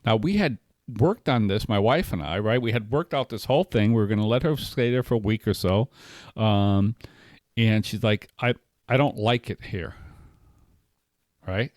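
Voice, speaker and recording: A man's voice: fairly low pitch, moderate pace, a little mellow, no echo. A middle-aged man talking candidly in a casual podcast conversation, telling personal stories with many fillers and restarts. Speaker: podcast co-host.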